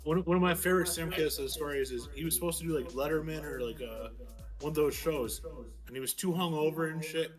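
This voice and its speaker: A man with a slightly high voice trades casual anecdotes on a podcast, full of fillers and swearing. Clear music runs behind him. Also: fast. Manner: loose, profane anecdotes with many fillers.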